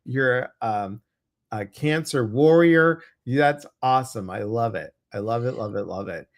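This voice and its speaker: A man's voice: mid-range voice, unhurried. A man hosting a livestream podcast, chatting casually and greeting viewers by name. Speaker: podcast host.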